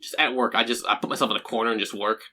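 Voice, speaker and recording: A man's voice: on the low side, fairly even intonation, rapid-fire, pushed and bright. A young man co-hosting a podcast, cracking dry, self-deprecating jokes. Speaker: podcast co-host. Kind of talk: casual chat.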